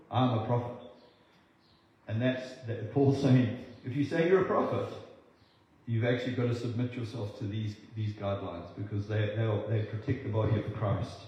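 Echoey preacher man in a church. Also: mid-range voice. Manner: animated, acts out quoted voices, repeats words when restarting. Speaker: pastor. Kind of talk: sermon.

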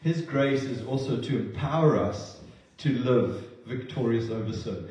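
A man's voice: mid-range voice, a little slow, a little mellow. A man preaching a sermon in an earnest, emotional way, often restarting his words. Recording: roomy distant sound.

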